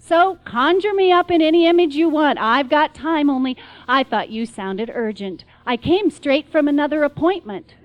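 A woman voicing God, who appears as a patient businessman and speaks in a matter-of-fact, unhurried way. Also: sits high, lively intonation, lo-fi sound.

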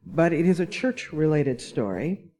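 A woman from Alabama speaks as a panelist. She tells a personal story at an unhurried pace, wry and measured, with a dry humor that carries through her telling. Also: low voice, big pitch swings, a little mellow.

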